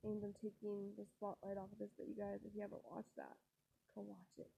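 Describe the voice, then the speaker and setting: A woman's voice: mid-range voice, monotone, a little fast, creaky, mellow, slight background noise, rough recording. A young woman hosting a casual chat show, rambling and gushing with many fillers and restarts. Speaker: podcast host. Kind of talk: casual chatty commentary.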